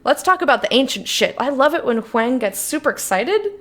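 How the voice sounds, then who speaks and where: A young woman playing a game and commenting casually, excitable and playful, swearing now and then. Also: high voice, brisk. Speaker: let's play streamer.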